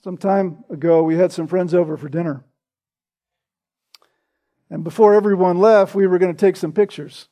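A man preaching a sermon with a notably high, light voice. His tone is mellow and warm rather than bright. He tells his stories conversationally and keeps checking in with the congregation through rhetorical questions. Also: steady tone, moderate pace, long pauses. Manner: conversational storytelling, asks the listeners rhetorical questions. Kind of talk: expository sermon.

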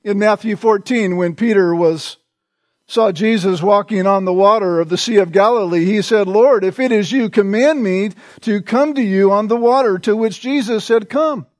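Delivering his sermon in a deliberate, unhurried way, this pastor leans on repeated short phrases to drive points home. His voice sits high, and the recording has no room sound.

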